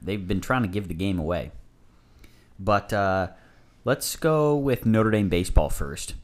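Co-host, male, lowish voice with a lot of pitch movement, casual and chatty. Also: animated, a little slow, faint music behind. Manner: chatty, leads the topics. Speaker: podcast co-host. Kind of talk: casual chat.

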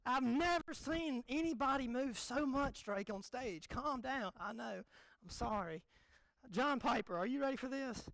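A young man, a pastor preaching a folksy, animated, self-deprecating sermon. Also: very high-pitched, measured pace, vocal fry, no echo, low-quality recording.

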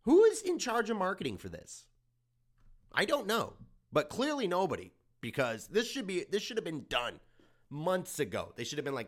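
Crude, animated podcast host. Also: male voice, mid-range voice, moderate pace. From Germany. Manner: crude, sarcastic, riffing with impressions. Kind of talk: comedic podcast monologue.

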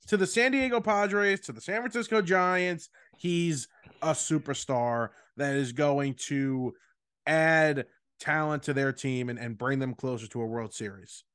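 A man co-hosting a podcast, speaking in a measured, agreeable way in casual sports talk. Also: fairly high pitch, a bit bright, smooth, no echo, clean studio sound. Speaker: podcast co-host.

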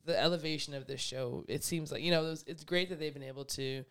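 A co-host chatting casually, rambling and excitable, with lots of "like" and "you know". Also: mid-range voice, fast talker, clean tone. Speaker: podcast co-host. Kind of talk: casual chat.

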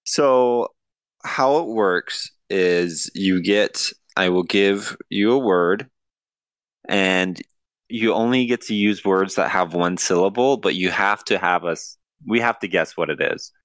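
A man hosting a casual podcast in a low voice and at a very unhurried pace. He explains a word game with hesitant restarts and laughs at his own slips. The recording is dry and close. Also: a bit bright, no room sound. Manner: slow, hesitant, laughs at himself. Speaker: podcast host running a game. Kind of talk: casual group chat.

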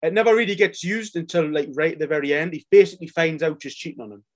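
A man's voice: fairly high pitch, quick pace. Sweary man retelling a film. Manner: sweary, animated storytelling, acts out lines in voices. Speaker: podcast host. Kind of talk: casual chat, retelling a film plot.

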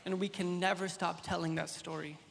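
A male pastor in his thirties delivers an impassioned sermon in a high voice. He swings from loud, soaring lines to soft, close ones and tells stories casually. The sound rings with the long reverb of a large hall. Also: flat delivery, fairly quick, creaky. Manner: impassioned preaching, rises loud then drops soft. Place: church hall.

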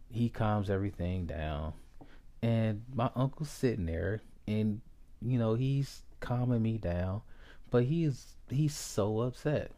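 A man in his forties from Ohio tells a personal story on his podcast in a slow, unhurried way. His voice sits low and sounds dark and mellow. He often stops and restarts his sentences. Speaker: podcast host.

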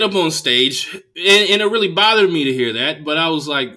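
A young adult man from the Bay Area hosting a podcast, telling a loose, profane, animated story in a casual monologue. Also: fairly high pitch, normal speed, hardly any pauses. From Bay Area, California. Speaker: podcast host.

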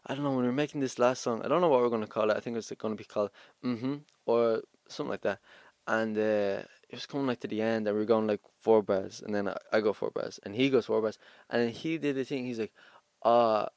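A young man talks about his songs in an easy, laid-back way, laughing a lot and letting his sentences trail off. His voice sits fairly low, and it is recorded close and dry with no room sound. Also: quick pace, hardly any pauses, a little mellow, no room sound. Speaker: rapper guest. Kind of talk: casual interview chat.

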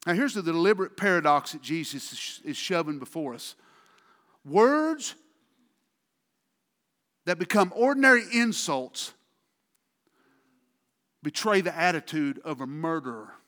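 A pastor delivers his sermon in a high, bright voice that rises and falls in wide swings. He bursts into shouts on key words, then drops to quiet asides, all of it ringing in a long hall reverb. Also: very animated, unhurried, long pauses. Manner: preaching with sudden shouted outbursts and quiet asides.

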